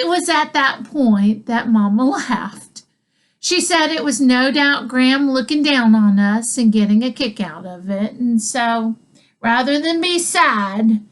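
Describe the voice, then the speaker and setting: A woman's voice: a little high, fairly bright tone. A woman telling a comic story, rambling with asides and chuckling between lines. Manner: rambling, self-interrupting with asides. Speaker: comedian. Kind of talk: comedic storytelling.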